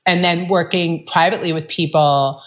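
With a lowish, steady voice at a moderate pace, this guest is a woman coach recounting her own story. Her manner is relaxed and talkative, peppered with "like" and "right?"

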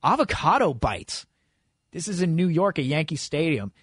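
A man's voice: fairly high pitch, very animated, moderate pace, husky, no room sound, studio quality. A man hosting a sports radio show, quizzing his co-host in a playful, upbeat way.

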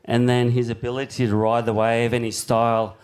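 Rambling Australian surfer telling stories. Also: male voice, fairly quick, clear, resonant tone. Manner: excitable storyteller, voice climbs high acting out shouts. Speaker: surfboard shaper and guest. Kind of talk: live stage storytelling.

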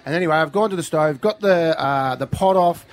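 A middle-aged Australian man chats on air at a live outdoor radio broadcast, spinning a long rambling yarn and acting out what others said. His voice sits a bit high for a man, with a faint ambient hum in the background. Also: brisk. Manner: rambling, animated, with lots of fillers, restarts and acted-out quotes. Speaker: radio breakfast co-host. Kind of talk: casual on-air storytelling.

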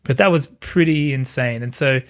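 A man's voice: medium pitch, moderate pace. A man hosting a podcast in a casual, jokey way, swearing freely. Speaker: podcast host. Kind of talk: casual chat.

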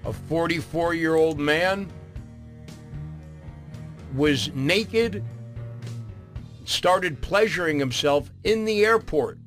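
A man hosting a morning radio show, retelling stories in a chatty, animated way. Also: on the high side, slow pace, long pauses, soft background music. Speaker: radio host.

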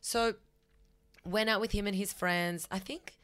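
A woman's voice: medium pitch, steady tone, unhurried, a bit bright, smooth. A young Australian woman hosting a podcast, giving candid advice and telling a story in a chatty style, swearing freely. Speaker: podcast host.

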